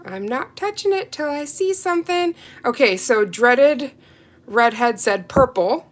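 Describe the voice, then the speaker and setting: A woman's voice: high-pitched, unhurried. A woman hosting a live nail art stream, chatting casually with viewers and reading out their comments. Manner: chatty, reads and answers viewer comments, excitable. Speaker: nail livestream host. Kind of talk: casual livestream chat with viewers.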